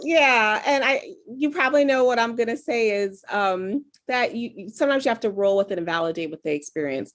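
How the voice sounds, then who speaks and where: Female therapist, calm and validating, mid-pitched. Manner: calm, validating, acts out example phrases. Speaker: therapist guest. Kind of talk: conversational advice.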